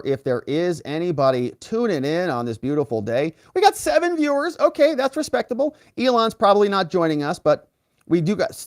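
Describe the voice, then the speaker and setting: Animated sarcastic male livestream host. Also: fairly high pitch, no room sound, studio quality. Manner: animated and sarcastic, quick asides. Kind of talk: live political commentary, reading viewer comments.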